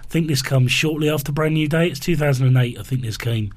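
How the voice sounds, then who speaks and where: A man co-hosting a podcast, talking casually and haltingly about comics with many ums and restarts. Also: on the high side, dry recording. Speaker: podcast co-host. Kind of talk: casual chat and comic review.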